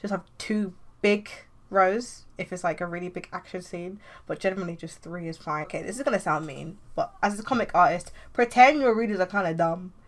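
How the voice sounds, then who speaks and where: A woman's voice: on the low side, a little fast, few pauses. A young woman comic artist, chatting loosely through her page planning and filling her talk with "like". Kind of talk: casual tutorial vlog.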